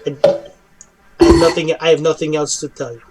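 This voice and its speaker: A man playing a weary captive hobgoblin in a tabletop game, speaking a little lower and quieter than an everyday voice. The creature stammers and hesitates, grim and frightened as it warns the party off. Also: level tone, fairly quick, heavy background noise, close to an everyday voice.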